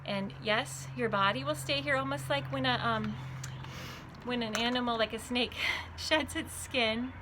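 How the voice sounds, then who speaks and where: A woman teaching a children's Bible club, telling a story in an animated way and asking the children questions. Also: fairly high pitch, unhurried, noisy background. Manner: animated, asks children questions, says their names.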